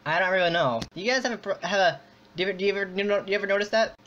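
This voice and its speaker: A man's voice: sits high, racing, a bit bright, slight background noise. A man hosting a casual online chat, rambling with lots of fillers and restarts. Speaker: podcast host. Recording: dull lo-fi audio.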